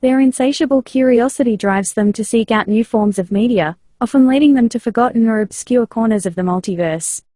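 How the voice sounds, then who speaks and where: A woman host delivering measured documentary-style narration and asking interview questions. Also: on the high side, mellow, no room sound, studio quality.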